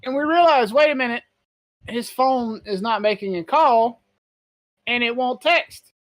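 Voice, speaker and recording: Woman podcast host, dry close sound, lively storyteller who curses. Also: fairly high pitch, a little slow, no room sound. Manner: animated storyteller, swears freely, acts out quotes; laughs while telling. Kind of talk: casual chat.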